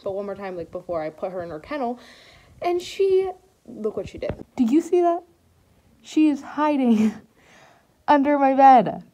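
A woman's voice: high-pitched, very animated, moderate pace, pauses often, dark tone. Giggly, chatty woman vlogging at home. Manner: chatty, giggly, talks to her puppy. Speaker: vlogger host. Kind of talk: casual vlog chat. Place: home bedroom, indoors.

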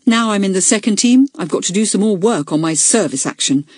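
A woman's voice: mid-range voice, animated, fairly quick, a little mellow, no room sound, studio quality, close to an everyday voice. A woman reading the part of a proud, sulky schoolboy, curt and offhand.

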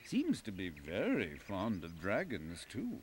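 A man's voice: low voice, wildly swooping pitch, takes it slowly, slight background noise, heavily acted. An actor voicing a greedy, scheming male bear merchant in a video game, with sly salesman patter. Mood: smarmy.

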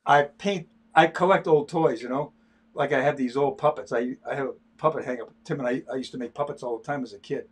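Give me an older man with a husky voice, chatting loosely about his drawing. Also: medium pitch, brisk. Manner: rambling, stop-start with repeated words. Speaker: artist demonstrating sketching. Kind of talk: casual livestream chat while drawing.

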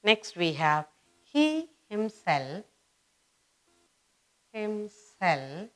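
Slow, repetitive woman grammar teacher. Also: medium pitch, expressive, fairly bright tone. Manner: repeats words and phrases slowly for emphasis.

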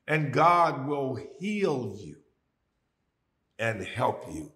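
A man preaching a Bible study, swinging from loud exclaims to hushed tones and calling out to his listeners. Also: medium pitch, big pitch swings, extremely slow, pauses often. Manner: calls out to listeners, drawing out key words. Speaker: bishop and Bible study teacher.

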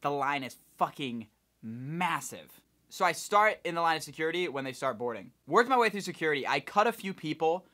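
A young man from Ohio, a vlogger telling a rambling, animated story with lots of swearing. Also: on the high side, brisk. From Ohio, United States. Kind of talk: casual storytelling vlog.

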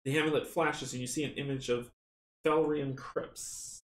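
A man casually running a board game playthrough, chatty and excitable, counting dice rolls aloud. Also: medium pitch, moderate pace. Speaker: tabletop game runner and player. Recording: roomy echo, faint noise.

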